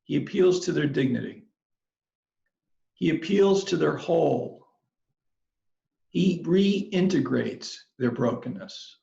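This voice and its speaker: A man giving a commencement address, telling a story in a slow, measured, reflective way. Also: fairly high pitch, expressive, vocal fry, warm tone. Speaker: commencement speaker. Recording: roomy, slightly dull recording.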